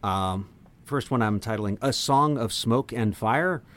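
Male podcast co-host, low voice, dry deadpan humor. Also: a little slow, a little hiss or hum. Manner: deadpan, riffing on made-up bits. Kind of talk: casual comedic chat.

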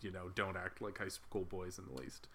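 A man's voice: sits low, expressive, normal speed, a bit bright. A man co-hosting a casual podcast chat, speaking thoughtfully with many hesitations and restarts. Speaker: podcast co-host.

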